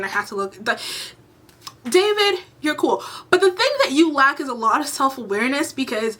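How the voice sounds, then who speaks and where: A woman's voice: a little high, sharp tone. A woman giving opinionated commentary to her camera, blunt and exasperated, swearing freely. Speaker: commentary vlogger. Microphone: camera mic.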